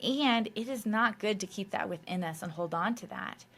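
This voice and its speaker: A woman's voice: mid-range voice, animated, moderate pace, fairly bright tone. A woman hosting a faith podcast, talking casually and loosely, with frequent fillers and mild swearing. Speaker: podcast host.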